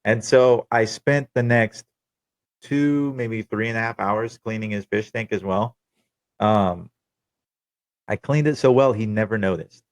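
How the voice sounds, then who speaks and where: A man's voice: fairly low pitch, a little slow, no echo. A young man telling his own story on a podcast, candid, profane and wry. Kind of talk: casual personal storytelling.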